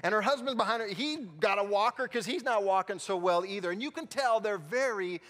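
A male pastor preaching a sermon in a large church sanctuary, telling stories with animation and dropping low and soft to drive home a point. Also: a little fast. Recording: long reverb in a big hall.

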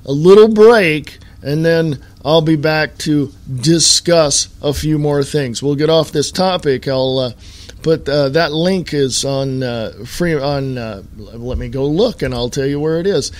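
A man hosting his own podcast in a talk-radio monologue style, hammering points home with slow, stressed words and repeats. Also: a little high. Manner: emphatic, repetitive, slowed stress on key words. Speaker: podcast host.

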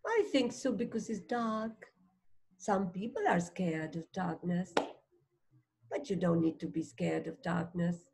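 A woman reading a phonics storybook aloud as a teacher, slowly sounding out words, asking questions and praising a child. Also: fairly low pitch, animated, creaky, a little mellow. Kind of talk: slow read-aloud lesson for a child.

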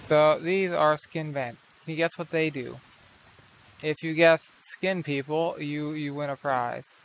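A man's voice: fairly high pitch, a little slow, slight background noise. A man giving casual, profane, incredulous let's play commentary over his game. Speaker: gaming video creator.

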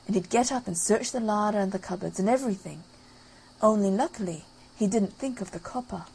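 A woman narrating a bedtime fairy tale audiobook, lively and storytelling. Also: mid-range voice, normal speed, slightly rough, rough recording. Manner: lively storytelling with loud sound effects.

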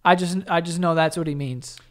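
A man's voice: on the high side, fairly even intonation, fairly quick. A man co-hosting a podcast in casual banter, dry and teasing. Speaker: podcast co-host.

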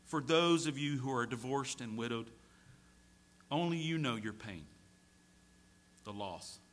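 A middle-aged man preaching a sermon as a pastor, moving from hushed storytelling to pleading shouts. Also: a little high. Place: church sanctuary.

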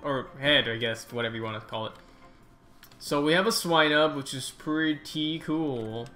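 This man's voice is on the high side as he hosts his gaming channel, offering relaxed, rambling commentary on his play. He's excitable and readily groans and swears at the game, over faint background music.

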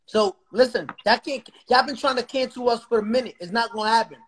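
A man's voice: very high-pitched, brisk, crowd noise. A man joining a casual phone live stream, boastful and hyped, often cutting in with short interjections.

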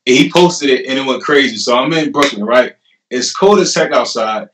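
A man's voice: medium pitch, normal speed, slight background noise. A young man in his twenties, a guest casually telling a story and often acting out what he said and what others said. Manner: animated, laughing retelling with lots of "I'm like". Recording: roomy and a bit distant from the mic.

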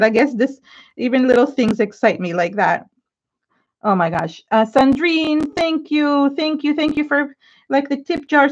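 A woman hosting a live craft tutorial, chatting effusively and thanking viewers by name as she paints. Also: a little high. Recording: slightly dull home live-stream audio.

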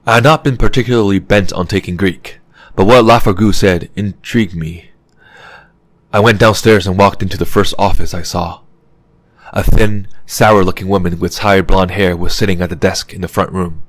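A man narrating an audiobook in an even, measured way. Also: sits low, no echo.

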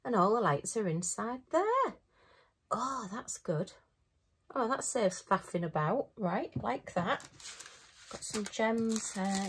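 A woman talking her way through an unboxing in an easy, homely way. Her pitch sits mid-range for a woman. She keeps up a running commentary of thoughts and small delighted exclamations. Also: husky. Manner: chatty, thinking aloud with bright little exclamations. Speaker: craft vlogger. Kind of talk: casual unboxing chat.

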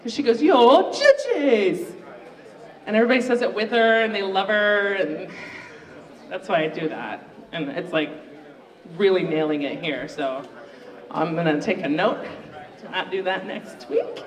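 A host running a live student pitch contest in a university library event room. The host is chatty and upbeat and pokes fun at their own slip-ups. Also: moderate pace, pauses often, distant mic. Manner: upbeat, chatty, self-mocking. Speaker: game show host. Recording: roomy, echoey room recorded from afar.

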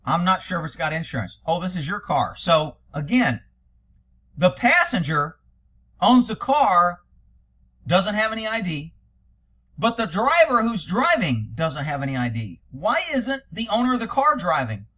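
A blunt, sarcastic man commenting on police footage as a cop would, with a bright, forceful edge to his voice. His voice sits a little high for a man, and he swears freely as he tears into what he hears. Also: big pitch swings, measured pace. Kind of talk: reaction commentary.

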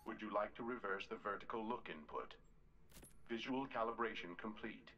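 A man voicing a calm male training simulator computer that gives formal, instructional announcements. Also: lowish voice, moderate pace, dull audio, faint music behind. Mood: instructing. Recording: noisy game audio capture.

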